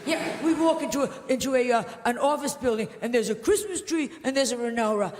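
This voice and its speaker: A woman's voice: fairly high pitch, fast, darkish tone. A woman doing brash, exaggerated stand-up comedy in a large theatre. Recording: echoey theatre with audience.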